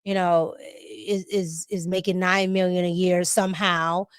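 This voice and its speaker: Animated woman vlogging about politics. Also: lowish voice, a little slow, smooth, no room sound, clean studio sound. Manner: animated, laughing often, emphatic "okay?" tags. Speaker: political commentary host. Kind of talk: casual political commentary vlog.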